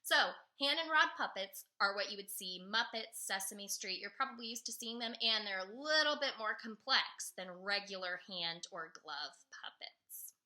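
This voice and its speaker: A woman's voice: mid-range voice, normal speed, few pauses, bright, forceful tone. A woman teacher giving a friendly, upbeat lesson to her class by video, explaining step by step in a chatty way.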